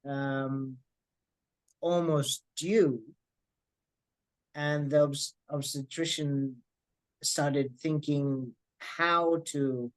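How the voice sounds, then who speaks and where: Slow, halting man in dry close sound. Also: on the high side, steady tone, no echo. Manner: slow, halting, restarts and throat clearing. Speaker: patient's husband. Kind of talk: hesitant interview answer.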